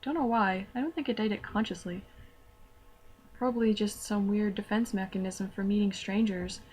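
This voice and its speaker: A woman's voice: mid-range voice, steady tone, darkish tone. A young woman, telling a self-deprecating story to camera in casual vlog style. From Canada. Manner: chatty, self-deprecating, quick asides. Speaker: vlogger.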